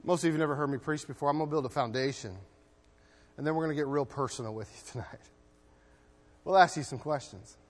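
A high-voiced man preaches a sermon in a church, speaking fast but with long pauses. He's emphatic, alternating loud and quiet stretches and repeating words frequently, while a long reverb follows every phrase.

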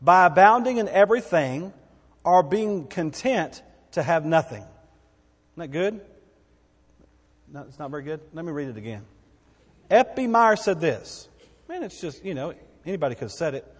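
A man's voice: fairly high pitch, lively intonation, moderate pace, breathy edge, in a large hall. A man preaching a sermon as a pastor, in a conversational, folksy way with asides and repeated phrases.

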